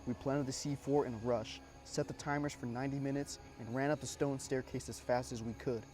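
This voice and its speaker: A man tells a spooky war story in the first person, measured and suspenseful. His voice is dark and mellow at a middle pitch, and soft music plays underneath. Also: fairly even intonation. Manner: measured, suspenseful, with casual asides. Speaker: horror story narrator.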